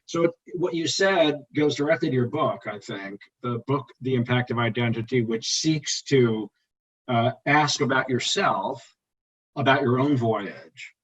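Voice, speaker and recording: Measured male interviewer on a dull call. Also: medium pitch, husky, far from the mic. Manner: measured, long framing questions. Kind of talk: moderated conversation.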